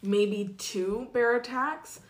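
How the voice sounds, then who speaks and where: A woman co-hosting a podcast, telling a story in casual chat, loud, swearing, laughing through it. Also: on the high side, slow. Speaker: podcast co-host.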